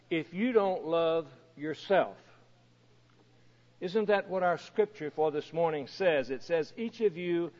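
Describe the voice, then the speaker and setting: A man preaches in a slightly raised voice, unhurried and deliberate, leaning on rhetorical questions. His words ring out with a long reverb through a large space. The recording sounds muffled and lo-fi. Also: a little high, darkish tone. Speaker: pastor. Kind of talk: sermon.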